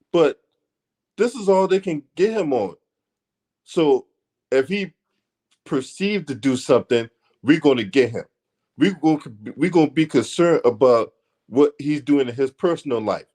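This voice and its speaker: A man's voice: on the high side, a little mellow. A man hosting his own sports commentary channel, talking bluntly and profanely in a combative rant. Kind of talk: casual commentary.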